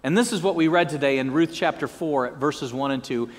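A man's voice: on the high side, a little fast, long reverb tail. A man preaching a sermon as pastor, with joking asides and prompts for the congregation to repeat after him. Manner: lively, joking asides and call-and-response prompts.

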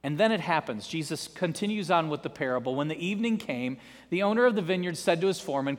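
Animated high-voiced male preacher. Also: quick pace, big-room sound. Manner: animated storytelling, dramatic emphasis. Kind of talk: sermon.

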